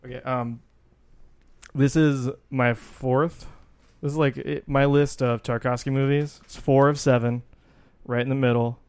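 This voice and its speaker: Man, podcast co-host, gravelly fry, hesitant, earnest. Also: medium pitch, fairly even intonation, a little slow, a little mellow, no echo. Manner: earnest, hesitant, lots of fillers. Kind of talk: casual film chat.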